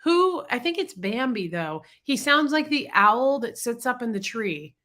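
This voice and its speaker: A woman's voice: a little high, lively intonation, normal speed, a bit bright. A woman hosting a casual livestream, congested from illness, chatting and greeting viewers by name. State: congested, sick voice. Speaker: livestream host. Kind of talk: casual livestream chat reading comments.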